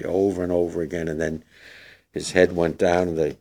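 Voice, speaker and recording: Gravelly-voiced older man recounting memories. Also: sits low, fairly even intonation, a little mellow, slight background noise. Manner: halting and emotional, with many restarts. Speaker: war veteran speaking to young people. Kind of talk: spoken testimony to an audience.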